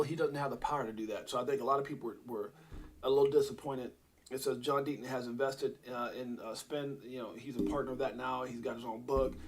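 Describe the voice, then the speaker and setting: A middle-aged man with a medium-pitched voice hosts a casual crypto livestream. He rambles and breaks into loud, excited bursts.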